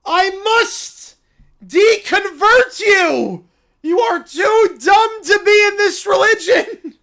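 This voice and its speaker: A woman voicing a furious male bear cult leader who shouts and wails melodramatically. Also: very high voice, lively intonation, slow, pitched above the performer's own voice, exaggerated voice. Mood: outraged.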